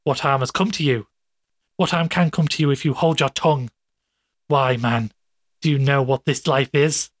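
A man voicing a smooth, domineering male doctor who talks in a persuasive, coaxing way. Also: medium pitch, fairly even intonation, moderate pace, pauses often, dry recording, close to an everyday voice.

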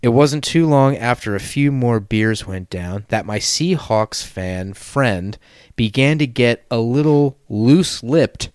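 Male podcast host, mid pitch, casual read-aloud storytelling with jokey asides, close dry mic. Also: animated, takes it slowly, a little mellow, clean tone, dry recording. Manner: reads aloud with laughs and crude asides.

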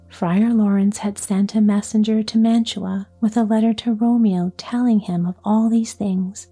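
Woman storyteller, gentle whispery narration, slow and husky, dark mellow tone, faint music behind. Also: mid-range voice. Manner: soft, often whispery delivery.

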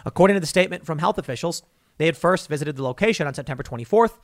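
A man's voice: a little high, animated, racing. Blunt, scornful male political commentator. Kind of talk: online commentary monologue.

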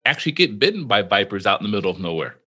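A man hosting a casual chat, jumping in with quick remarks and stuttered starts. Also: fairly low pitch, big pitch swings, pushed and bright, breathy edge.

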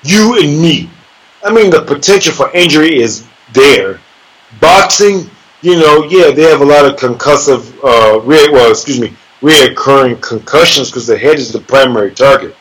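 A man's voice: mid-range voice, expressive, normal speed, fairly bright tone, slightly rough, poor audio. A man telling a sparring story in a casual chat, cursing freely, bragging and laughing as he acts out the punches with sound words. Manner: profane, boastful, laughs as he talks.

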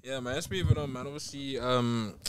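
A man's voice: mid-range voice, steady tone, fairly quick, crowd noise. A man, chatting on a podcast and laughing off his mates' teasing. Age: 20s. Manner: defensive, laughing. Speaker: podcast co-host. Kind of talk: casual banter.

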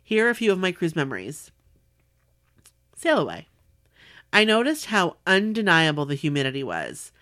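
A woman's voice: fairly low pitch, normal speed, pauses often. Woman reading a letter aloud. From Southern California. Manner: warm, animated reading with laughs. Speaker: podcast co-host. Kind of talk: casual chat, reading a listener's letter aloud.

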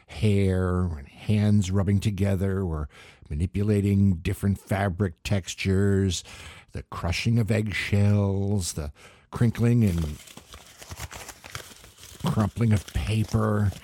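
A man hosting a radio comedy show, delivering a wry, scripted monologue with deadpan asides. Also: deep voice, slow, no room sound, clean studio sound. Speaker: comedy podcast host.

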